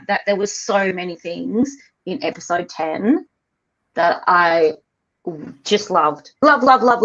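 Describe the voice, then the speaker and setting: A woman's voice: mid-range voice, fairly bright tone. A middle-aged woman chatting casually as a podcast guest, gushing and repeating words for emphasis over a video call. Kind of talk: casual chat. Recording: dull lo-fi call audio.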